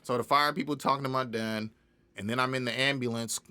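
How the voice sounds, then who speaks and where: A young man, an independent music artist, telling a story in a casual interview. He is animated, laughs often and acts out other people's lines. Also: medium pitch, brisk, clear, resonant tone.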